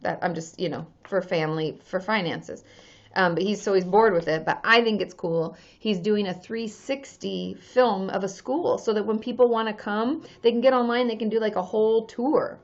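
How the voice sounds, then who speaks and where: A woman's voice: medium pitch, normal speed, lo-fi sound. A woman from Washington State, a therapist chatting casually on a livestream, answering viewers and reading their names aloud.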